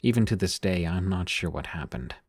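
A man reading listener-sent scary stories aloud as a narrator, in a measured storytelling delivery that sinks quieter on the eerie lines. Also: sits low, animated, slightly rough, no room sound, studio quality.

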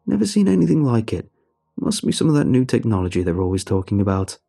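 A man voicing a relaxed middle-aged father in a storybook narration, dry and joking. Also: medium pitch, fast talker, gravelly, soft background music. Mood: amused. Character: easygoing middle-aged dad, amused.

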